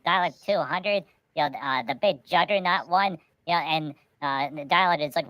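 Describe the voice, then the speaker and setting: A man's voice: a little high, moderate pace, few pauses, a bit bright, slight background noise. A man co-hosting a casual podcast chat, telling rambling comic stories full of hesitations. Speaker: podcast co-host.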